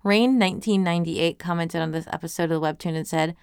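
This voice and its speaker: A woman chatting casually through a recap of a webcomic episode, enthusiastic and quick to laugh. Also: on the low side, creaky, clean tone, no room sound, clean studio sound.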